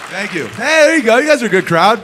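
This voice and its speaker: Male stand-up comic, brash and loud, slightly raised pitch, live club stage mic. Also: sing-song, fast, a crowd in the background, noisy background. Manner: brash, loud bursts into shouting for bits. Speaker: stand-up comedian. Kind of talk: stand-up comedy set.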